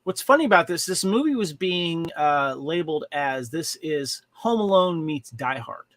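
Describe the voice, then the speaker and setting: A man's voice: a little high, animated, moderate pace, a bit bright, no room sound. A man co-hosting a podcast, chatting casually and enthusiastically about movies in a rambling way. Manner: rambling and enthusiastic, full of restarts. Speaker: podcast co-host. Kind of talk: casual chat reviewing movies and shows.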